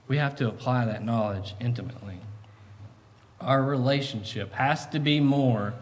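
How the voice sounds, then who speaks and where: Brief: male church elder, thirties, mid-pitched earnest sermon delivery, reverberant sanctuary. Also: moderate pace. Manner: earnest, emphatic preaching with personal stories. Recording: long church reverb with faint ambience.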